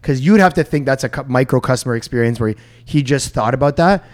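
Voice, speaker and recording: Fast, rambling man in chat. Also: medium pitch. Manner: rambling, enthusiastic, many fillers. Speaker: podcast guest, restaurateur. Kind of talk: casual chat.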